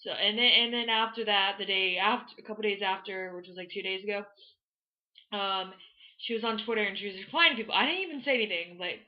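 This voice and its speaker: A woman's voice: mid-range voice, fast talker. Teen girl from florida gushing to her camera, lots of likes, kinda muffled lo-fi audio. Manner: excited, rambling with many "like" fillers. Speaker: vlogger. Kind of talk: casual storytelling to camera.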